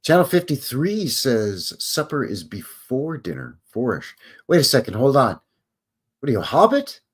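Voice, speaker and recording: A man's voice: mid-range voice, huge pitch swings, moderate pace, husky. A man hosting a livestream, chatting casually with viewers in a rambling, self-questioning way. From Canada. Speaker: livestream host. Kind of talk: casual chat with live viewers.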